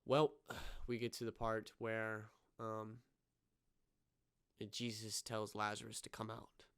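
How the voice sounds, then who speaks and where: Earnest young man recapping, smooth voice. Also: fairly low pitch, monotone, takes it slowly, fairly bright tone. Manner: earnest, retells scenes with many fillers. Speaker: podcast co-host. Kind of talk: casual show review.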